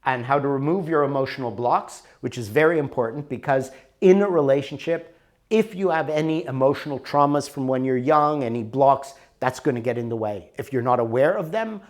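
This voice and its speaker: A middle-aged man teaching a workshop in a conversational, storytelling way with rising and falling emphasis. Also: medium pitch. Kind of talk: recorded workshop talk.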